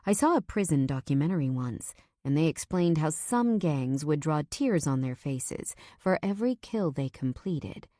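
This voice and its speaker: Brief: woman audiobook narrator, low voice, tense and measured, dry close mic. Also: lively intonation, warm tone, no echo. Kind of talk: first-person audiobook narration.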